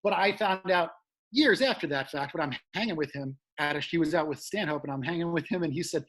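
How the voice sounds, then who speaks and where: A man, a comedian guest, telling a long road story in casual chat, profane and animated, shouting out the lines he quotes. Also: fairly high pitch, brisk.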